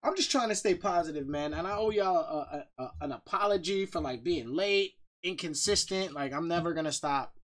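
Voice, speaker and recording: Man, game streamer, casual live chat, shout-outs to viewers, jokey, laughs a lot, loud excited bursts. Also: on the high side, brisk, few pauses.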